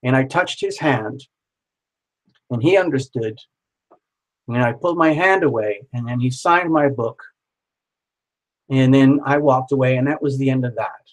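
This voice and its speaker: A man telling a personal story in a casual, animated way, swearing freely and acting out the other people in it. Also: medium pitch, a little slow, pauses often, rough recording. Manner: animated, swears casually, acts out quoted voices.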